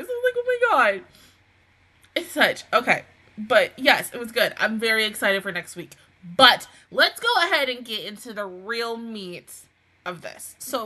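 A woman hosting an anime reaction and review video, chatting in a rambling, animated way, correcting herself and swearing casually. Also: mid-range voice.

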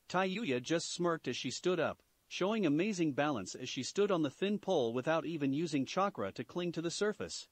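A man narrating a fan-fiction story in an expressive reading style. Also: fairly high pitch, normal speed, few pauses, no room sound.

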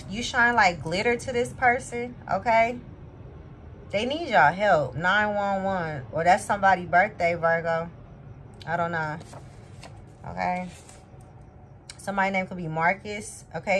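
A low-pitched woman, doing a loose, rambling tarot reading. She keeps checking in with a quick "okay?". A faint hiss sits behind her voice. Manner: rambling, repeats "okay?" often. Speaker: tarot reader.

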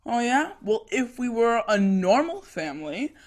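A woman's voice: a little high, big pitch swings, a little slow. A lovesick thirteen-year-old boy, melodramatic about his crush. He complains in a whiny, petulant voice. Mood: sulky.

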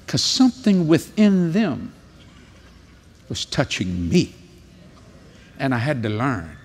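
An older man, preaching a sermon in a folksy, animated storytelling way at a large convention. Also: mid-range voice, slow, pauses often, breathy edge.

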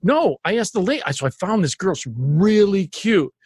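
Lively high-voiced man telling stories. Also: moderate pace, slightly rough, dry recording. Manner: animated storytelling, laughs often. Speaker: show host. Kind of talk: casual comedic banter.

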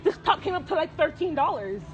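A woman filming herself in a clothing store on her phone, indignant, loud and swearing, close to tears as she argues with staff. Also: high voice, sing-song, a little fast, soft background music. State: tearful, near crying. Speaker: shopper confronting store staff. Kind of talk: self-filmed confrontation. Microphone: phone camera held by speaker.

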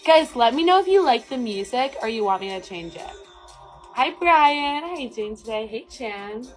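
With music in the background, a livestream host welcomes each viewer by a flirty, affectionate pet name. She talks at normal speed in a fairly high voice with lively intonation, though the audio is poor.

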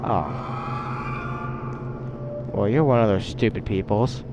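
A young man commentating his own game live, excitable and swearing, whining at the other players. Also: fairly low pitch, takes it slowly, over music, poor audio. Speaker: gamer.

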